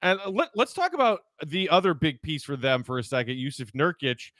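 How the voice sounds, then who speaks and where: A man's voice: on the high side, very animated, a little fast, a bit bright, no room sound. A man hosting a casual sports podcast who reads off stats and asks his co-host questions.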